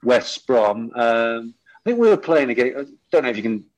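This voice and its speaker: A middle-aged man, a guest on a podcast, recalls his career in a reflective, unhurried way, pausing often on ums and uhs. His voice sits at an ordinary mid pitch. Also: very animated, no room sound, dull audio. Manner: reflective, hesitant with frequent ums. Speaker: guest, former footballer. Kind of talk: interview storytelling.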